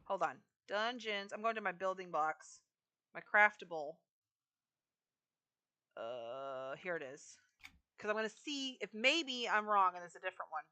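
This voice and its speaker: A woman's voice: mid-range voice, sing-song, unhurried, pauses often, bright, forceful tone, clean tone. A woman live streaming a video game, chatting casually with her viewers while she decorates.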